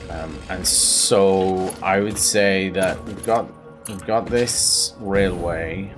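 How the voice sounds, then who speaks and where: A man's voice: sits low, fairly even intonation, slow pace, music in the background. Tired Belfast man rambling over gameplay. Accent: Northern Irish, Belfast. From Northern Ireland. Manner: rambling, self-deprecating, repeats words. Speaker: gaming video host. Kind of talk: casual gameplay commentary.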